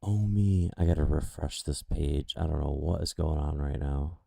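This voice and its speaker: A man giving excited live commentary on crypto price charts, exclaiming and pleading as the numbers move. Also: extremely low pitch, normal speed, creaky, no room sound, clean studio sound.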